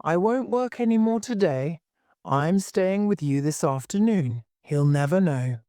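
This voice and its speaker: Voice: medium pitch, animated, unhurried, warm tone, no echo, studio quality, pitched above the performer's own voice, natural voice. A reader voicing a sullen, resentful young man. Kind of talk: audiobook reading.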